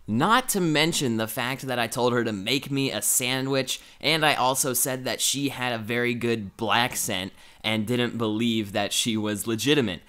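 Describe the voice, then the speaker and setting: A man's voice: moderate pace, hardly any pauses, clear, resonant tone. A young man who runs a gaming channel, telling a story casually and acting out the people in it with big jumps in his voice. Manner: animated, acts out quoted voices with big pitch jumps.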